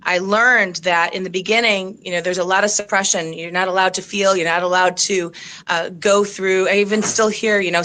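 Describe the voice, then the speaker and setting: Breathless, bright-voiced woman coach. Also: fairly low pitch, steady tone. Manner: earnest, reflective, halting with fillers. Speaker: coach and consultant. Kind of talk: audition interview on a video call. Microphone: video call.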